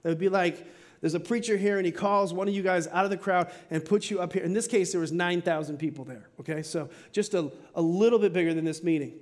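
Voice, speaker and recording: A middle-aged man with a fairly high voice preaches a sermon in church. He talks earnestly, drawing out key phrases slowly, then rushing through asides to the congregation. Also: a little mellow. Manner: earnest, preaching with slow emphatic stretches and quick asides. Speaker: pastor. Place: church sanctuary.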